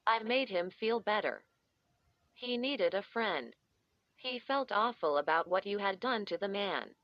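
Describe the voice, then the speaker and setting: A woman's voice: mid-range voice, lively intonation, measured pace, dry recording, muffled recording, natural voice. A woman voicing a menacing, teasing young woman who talks in a sly, taunting way. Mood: confiding.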